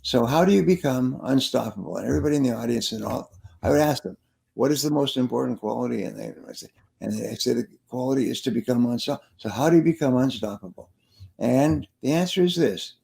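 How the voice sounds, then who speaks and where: Gravelly-voiced male sales speaker. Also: mid-range voice, animated, quick pace, darkish tone. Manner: emphatic, repeats key phrases. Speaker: sales trainer and motivational speaker. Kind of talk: interview storytelling.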